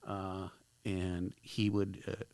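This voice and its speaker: A man, a screenwriter guest, telling anecdotes in a casual, animated way in a studio. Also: sits low, slow pace, dry recording. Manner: animated, acts out dialogue with lively shifts. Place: podcast studio.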